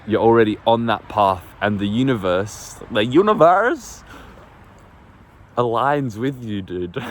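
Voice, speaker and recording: A man vlogging outdoors on his phone, telling a story in a rambling, casual way, full of fillers and swearing. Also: lowish voice. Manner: rambling, lots of fillers and swearing, laughs often. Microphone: phone on small tripod. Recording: faint street and traffic noise.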